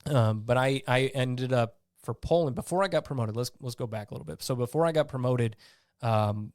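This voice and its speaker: A man's voice: mid-range voice, a little fast, dry recording, studio quality. A man being interviewed as a guest, an army veteran telling blunt stories in a casual way and acting out what he and others said. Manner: animated storyteller who acts out his own past lines; blunt, salty.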